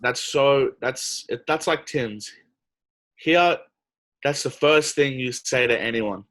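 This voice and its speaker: A man's voice: medium pitch, slow, a bit bright. A man in his twenties with an Australian accent, a guest on a podcast who tells stories in an easygoing way with lots of fillers. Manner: easygoing storytelling with frequent "like" fillers. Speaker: basketball player, podcast guest. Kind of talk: casual interview chat.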